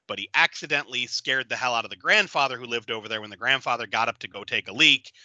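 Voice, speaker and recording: A man co-hosting a podcast, recapping a movie in casual chat, animated and laughing often. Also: medium pitch, no room sound. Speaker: podcast co-host.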